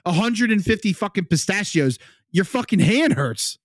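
A man's voice: sits high, lively intonation, moderate pace, dry recording, clean studio sound. A man co-hosting a podcast, arguing casually with a stubborn, exasperated manner and frequent swearing. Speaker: podcast co-host. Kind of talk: casual banter.

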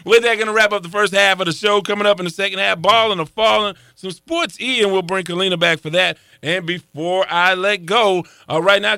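Man, podcast host, high voice, dry close sound, teasing, laughs a lot. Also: sharp tone, clear, resonant tone, no room sound. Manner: joking, teasing, laughs often. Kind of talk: casual sports podcast banter.

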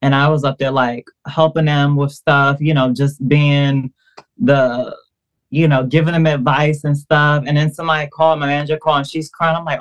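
A woman appearing as a podcast guest tells a personal story casually and with animation, acting out quoted dialogue and using lots of fillers. Her voice sits low and moves fairly quickly.

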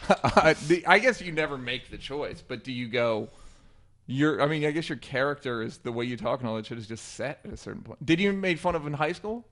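Brief: male co-host, mid-pitched, chatty interviewer. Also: expressive, a bit bright. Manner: curious, quick questions, loose and chatty. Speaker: podcast co-host. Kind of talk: casual podcast chat.

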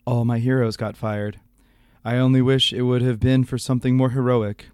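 A man doing an impression of an older male radio storyteller, reading in a low, slow, deadpan way very close to the microphone. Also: smooth, no room sound, natural voice.

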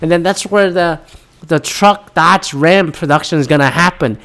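A man's voice: fairly high pitch, moderate pace, fairly bright tone. A man in a casual, rambling monologue, profane and sarcastic, a little tired as he winds down from caffeine. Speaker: vlogger.

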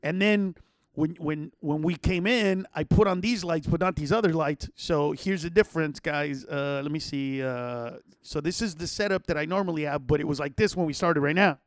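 A man hosting a podcast from his home setup, telling stories in a casual, animated way, swearing freely and acting out what other people said. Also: fairly high pitch, moderate pace, dry recording. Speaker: podcast host. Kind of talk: casual storytelling to listeners.

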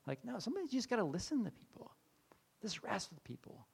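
A man's voice: high voice, quick pace, gravelly, husky. A middle-aged man preaching in a conversational sermon style, telling personal stories and acting out the dialogue. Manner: conversational, animated, acts out dialogue. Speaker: pastor. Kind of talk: sermon storytelling.

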